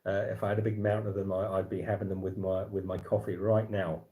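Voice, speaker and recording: An Englishman hosts a casual livestream chat in a warm, low voice, talking fast with a flat delivery. He rambles, full of fillers and restarts.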